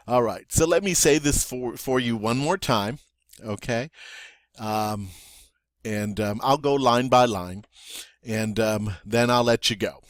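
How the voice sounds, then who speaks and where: A man's voice: fairly low pitch, dry recording, clean studio sound. A man teaching a French pronunciation lesson, patiently repeating words and checking in with "all right?".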